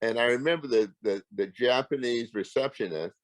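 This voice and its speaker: A man's voice: mid-range voice, normal speed, no room sound, rough recording. Older man telling stories, dry sound. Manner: animated, acts out quoted dialogue with frequent restarts. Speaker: interview guest, martial arts grand master. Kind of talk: casual storytelling.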